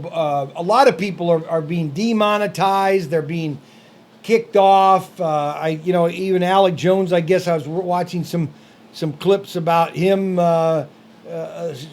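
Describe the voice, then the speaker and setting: A man's voice: high-pitched, darkish tone, slight background noise. A man co-hosting a casual podcast chat, ranting in an opinionated way and often tagging on "okay?". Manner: ranting, repeats okay and good grief. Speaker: podcast co-host. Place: room with cigars.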